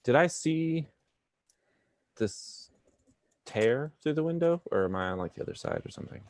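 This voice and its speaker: A man's voice: on the high side, animated, moderate pace, dry recording, studio quality. A man playing a tabletop game, thinking aloud and asking questions about the scene. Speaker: player. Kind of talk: tabletop role-play.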